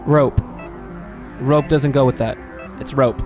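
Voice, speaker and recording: Young male streamer, slow casual commentary, talks himself through puzzles, faint music in the background. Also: medium pitch, steady tone. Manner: talks to himself while puzzling things out, joking. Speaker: gaming streamer. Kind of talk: casual live game commentary.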